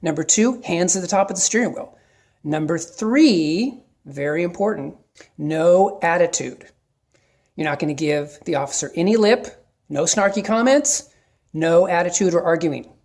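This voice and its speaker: A middle-aged man giving casual, plain-spoken advice to viewers, often checking in with a quick "okay?". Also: on the high side, darkish tone. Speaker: video host giving advice. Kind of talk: casual instructional talk to camera.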